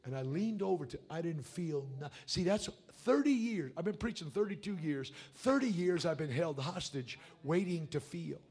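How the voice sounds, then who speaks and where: A middle-aged male preacher with a high-pitched voice. He talks in blunt, folksy phrases and swings between hushed, close asides and sudden shouts. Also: expressive, normal speed, few pauses, slightly rough. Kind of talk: revival sermon.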